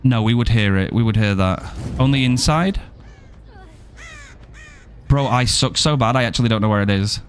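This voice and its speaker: A man's voice: medium pitch, moderate pace, long pauses, a little hiss or hum. A young man streaming a game, joking around and swearing casually as he plays. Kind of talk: live gameplay commentary.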